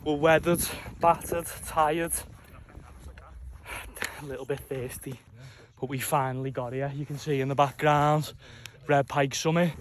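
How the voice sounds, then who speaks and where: A young man, narrating a hiking vlog in a steady, relaxed way. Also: medium pitch. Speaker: hiking vlogger. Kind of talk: casual outdoor vlog narration. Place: outdoors on a mountain summit. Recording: outdoor recording with clear wind and nature noise.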